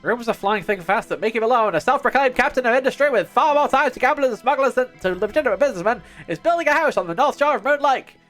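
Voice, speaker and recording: A woman putting on the voice of a brisk 1930s newsreel announcer, reading in an emphatic announcer cadence. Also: a little high, lively intonation, a bit bright, faint music behind, pitched above the performer's own voice. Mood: announcing. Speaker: streamer. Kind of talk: mock newsreader voice.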